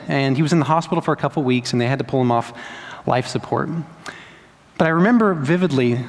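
Young man, pastor, chatty storytelling sermon, slightly high voice, reverb of a big hall. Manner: conversational storytelling preacher, lively asides.

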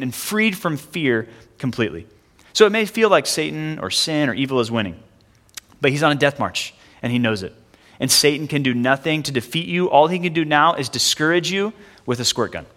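Bright-voiced man preaching in a reverberant hall. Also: on the high side, big pitch swings. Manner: conversational, with fillers and quick asides. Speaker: pastor. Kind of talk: sermon. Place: church sanctuary.

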